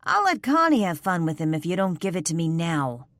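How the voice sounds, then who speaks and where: A woman narrator voicing a fierce, sharp-tongued winged warrior woman, cutting and threatening, quick to anger. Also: on the low side, sing-song, no room sound, studio quality. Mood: menacing.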